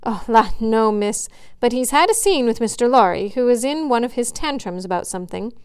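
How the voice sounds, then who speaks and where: A woman's voice: fairly high pitch, expressive, a little fast, clear, resonant tone. A woman reading aloud as a fussy country housemaid who chatters in an old-fashioned country dialect. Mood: fretting.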